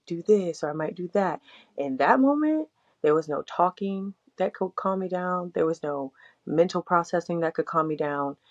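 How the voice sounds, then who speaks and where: A young adult woman co-hosting a podcast, talking candidly in a rambling way, full of "like" and frank swearing. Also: deep voice. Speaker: podcast co-host. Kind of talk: candid casual chat. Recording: dull lo-fi audio.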